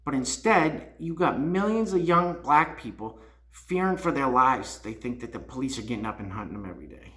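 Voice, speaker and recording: A man's voice: mid-range voice, animated, moderate pace, a bit bright. A man hosting his own channel, scolding and repeating himself in a heated opinion rant. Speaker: YouTube channel host. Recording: echoey room.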